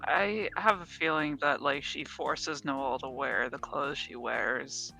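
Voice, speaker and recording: Gravelly, bright-toned speaker explaining a theory. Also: mid-range voice, steady tone, measured pace, soft background music. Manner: explains at length, swears. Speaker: friend in group discussion. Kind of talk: casual group chat over a call.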